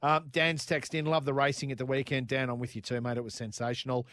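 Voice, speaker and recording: A man with an Australian accent co-hosting a motorsport radio show, reading listener texts in jokey, excitable banter full of matey slang. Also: medium pitch, fast talker, dry recording, clean studio sound.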